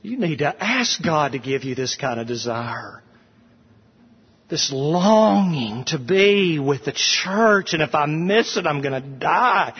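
In a church sanctuary, a male pastor gives an earnest, emphatic expository sermon, repeating phrases for weight. His voice runs a little high and slightly rough, and the dull recording has long hall reverb.

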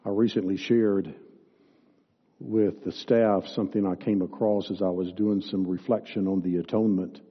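Male pastor, unhurried earnest sermon, lowish voice, long church reverb. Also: fairly even intonation, slightly rough, lo-fi sound. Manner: earnest, deliberate preaching. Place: church sanctuary.

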